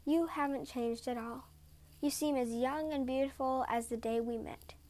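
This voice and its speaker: A woman's voice: sits high, fairly even intonation, moderate pace, a little mellow, natural voice. A woman voicing an earnest, loving young husband. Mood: tender. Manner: earnest, pleading, cries out in alarm.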